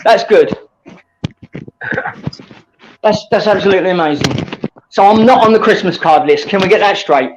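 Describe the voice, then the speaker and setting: A high-pitched man arguing hotly in a live-stream voice chat, blunt and quick to swear. His voice comes through a dull, lo-fi mic with clear noise underneath. He talks combatively and does not back down. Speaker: stream regular in a voice-chat argument.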